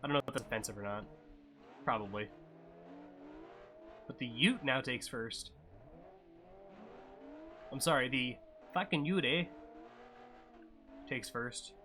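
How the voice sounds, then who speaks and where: A man casually commentating a live-streamed racing game, chatty and offhand with sudden excited yelps at crashes. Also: medium pitch, unhurried, pauses often, slight background noise.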